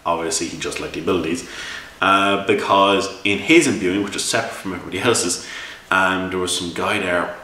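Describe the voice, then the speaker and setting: Irish man, low voice with a bright edge, rambling game review, echoey room, distant mic. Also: fairly even intonation, fairly quick. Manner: rambling, exasperated storytelling with many restarts. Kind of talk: casual spoken review.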